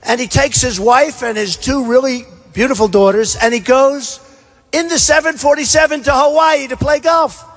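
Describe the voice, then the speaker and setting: A man's voice: very high-pitched, moderate pace, fairly bright tone. A man giving a campaign rally speech, boastful and repetitive, hammering his points with punchy emphasis. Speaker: political candidate at a rally. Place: large indoor rally venue. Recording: long hall reverb at a rally.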